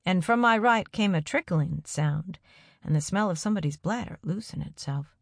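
A woman narrating a first-person story aloud in a calm, measured way. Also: lowish voice, creaky, no room sound, clean studio sound. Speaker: audiobook narrator.

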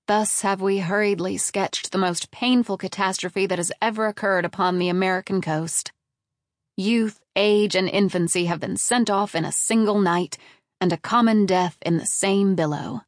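A woman narrates an audiobook from a script, reading in a measured, even way. Her pitch is medium, and the recording is dry with clean studio sound.

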